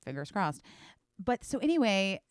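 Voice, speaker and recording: A mid-range voice at a moderate pace belongs to this woman in her forties, a podcast host telling a casual, rambling story full of "like" and the odd swear. It's recorded in studio quality with no room sound.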